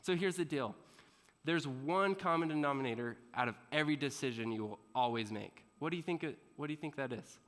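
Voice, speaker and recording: A man giving a motivational talk to students, animated as he tells a story, often asking the audience questions and laughing. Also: medium pitch, fairly quick. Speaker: motivational speaker. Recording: long reverb in a large hall.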